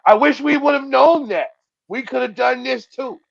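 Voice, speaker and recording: High gravelly man arguing rap. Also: moderate pace, no echo, muffled recording. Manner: emphatic, profane, counts syllables aloud. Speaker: podcast co-host. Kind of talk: casual debate about rap lyrics.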